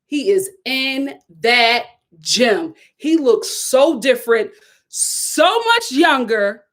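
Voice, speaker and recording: Animated high-voiced woman recapping reality TV. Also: drawn-out words. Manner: animated, incredulous, repeats herself for emphasis. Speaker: reality TV review host. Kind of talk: casual live recap chat.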